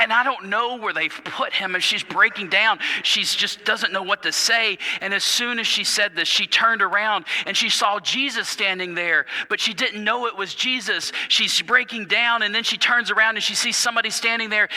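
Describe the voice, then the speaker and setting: A man preaching a sermon as pastor, telling the story dramatically, dropping to hushed tones and repeating words as he goes. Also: sits high. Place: church sanctuary. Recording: reverberant church hall.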